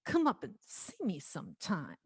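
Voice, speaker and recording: A woman imitating a sultry 1930s film siren with a teasing drawl, in a soft, dry-sounding recording. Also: medium pitch, huge pitch swings, normal speed, vocal fry, breathy edge, no room sound, heavily acted.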